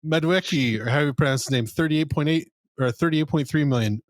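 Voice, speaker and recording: A man co-hosting a podcast, talking football in a relaxed, rambling way with lots of fillers and the odd swear. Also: on the high side, quick pace, no echo. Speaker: podcast co-host. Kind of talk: casual football chat.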